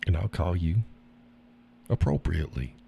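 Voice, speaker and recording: A man's voice: sits low, big pitch swings, normal speed, vocal fry, mellow, a little hiss or hum. A middle-aged man hosting a live stream, talking bluntly with profanity and frequent laughter. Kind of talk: casual monologue. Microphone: audio call or stream mic.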